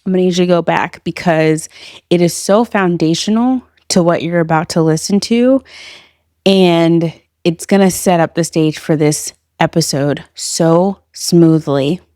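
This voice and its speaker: Low-voiced woman hosting a podcast. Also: a little slow, warm tone, no echo, clean studio sound. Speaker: podcast host. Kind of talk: scripted podcast intro.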